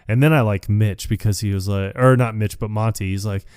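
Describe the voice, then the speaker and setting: A man's voice: lowish voice, steady tone, fairly quick, hardly any pauses, a little mellow, clear, resonant tone, no echo, studio quality. A man co-hosting a podcast, casually recapping a comedy film, swearing freely and acting out characters' lines. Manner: profane, acts out quoted lines. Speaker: podcast co-host. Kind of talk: casual movie recap chat.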